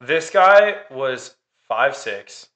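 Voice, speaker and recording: Man, bright and forward tone, sarcastic and profane, casual storyteller. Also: medium pitch, sing-song, drawn-out words. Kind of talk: casual chat, telling a dating story.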